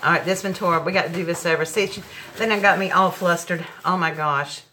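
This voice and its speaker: Crafty lady doing a live stream, chatty, talks right to the viewers, bright voice, laptop mic. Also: on the low side, fairly even intonation, fairly quick, a little hiss or hum. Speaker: craft show host. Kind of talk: live craft tutorial chat.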